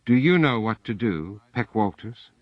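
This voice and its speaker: A man's voice: on the low side, lively intonation, a little slow, no echo. A man voicing a calculating woman prisoner and informer who is dizzy and in pain, with gasping, strained words. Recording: dull, dry audiobook recording.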